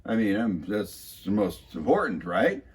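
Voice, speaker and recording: A man recapping a city council meeting in a mocking, wry way, pausing often with filler sounds. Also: on the low side, sing-song, slightly rough. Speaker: local political commentator.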